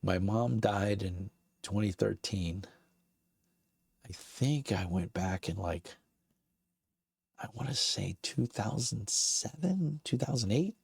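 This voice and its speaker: A middle-aged man with a Brooklyn New York accent rambles through a casual live-stream chat, full of fillers and easy laughs. His voice sits very low and gravelly, with a husky edge. The sound is close and dry, recorded at home in his basement. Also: lively intonation, slow pace, long pauses, no room sound. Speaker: streamer and channel host.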